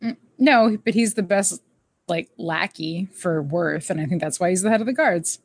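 A woman's voice: on the low side, moderate pace, no room sound, studio quality. A woman co-hosting a casual chat, recapping a TV episode with an easy, enthusiastic manner. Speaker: podcast co-host.

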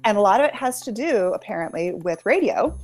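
A woman's voice: mid-range voice, big pitch swings, darkish tone, faint music behind. A middle-aged woman from New England chatting casually about a TV show, often restarting her sentences. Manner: halting, many restarts. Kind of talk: casual chat.

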